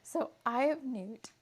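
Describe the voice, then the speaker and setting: A woman hosts a casual spiritual craft session, chatting away and giggling often, laughing mid-sentence as she repeats her ingredient list aloud. Her voice is high and slightly rough.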